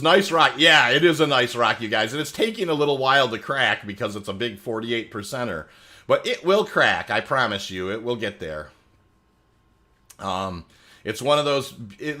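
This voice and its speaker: This medium-pitched man's voice is pushed and bright. He is in his thirties and streaming a game, rambling casually with many fillers while reading chat aloud and answering it in real time.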